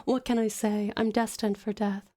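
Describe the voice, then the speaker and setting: A woman streamer in a soft, soothing, smooth mum voice, doting on viewers as sweetheart and darling. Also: medium pitch, little pitch movement, normal speed. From Australia (Tasmania). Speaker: streamer and artist. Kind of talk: live-stream chat, thanking viewers.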